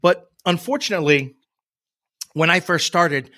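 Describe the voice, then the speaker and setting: A man's voice: on the high side, a little slow, pushed and bright, no room sound, studio quality. A man co-hosting a podcast in casual chat, telling stories and often trailing off mid-sentence. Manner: chatty storyteller, trails off and restarts. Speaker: podcast co-host.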